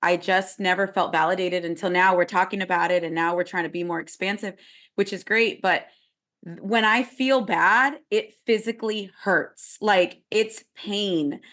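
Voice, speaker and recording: A woman's voice: medium pitch, moderate pace, a bit bright. Female podcast guest, earnest, reflective, casual, many "like" fillers.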